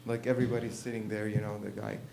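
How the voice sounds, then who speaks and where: A man's voice: lowish voice, little pitch movement, quick pace, gravelly, warm tone, a little hiss or hum. A man performing a stand-up comedy set on a live stage, in a rambling, irreverent way. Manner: rambling and irreverent, many "you know"s.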